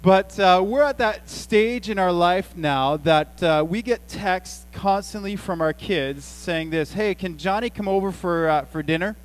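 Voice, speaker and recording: A man in his forties preaching to a congregation, his voice sitting a touch higher than most men's. He spins homey family stories in a loose, chatty way, jumping into playful asides and quoted voices. A faint electrical hum runs underneath. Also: measured pace, few pauses, faint music behind, rough recording. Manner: chatty, storytelling, animated asides. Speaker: pastor. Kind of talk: sermon.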